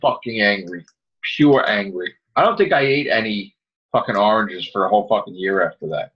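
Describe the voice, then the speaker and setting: A man on a casual fan podcast who talks in heated, profane rants. His voice is a little husky, and the audio sounds dull and lo-fi. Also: on the low side, lively intonation, a little fast. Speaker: podcast host.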